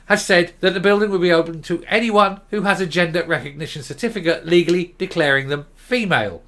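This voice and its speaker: A middle-aged English man delivers a sarcastic, exasperated rant. His voice sits a little high and comes out sharp and forceful. He trips over his words and restarts as his frustration builds. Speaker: commentary vlogger. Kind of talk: opinion rant.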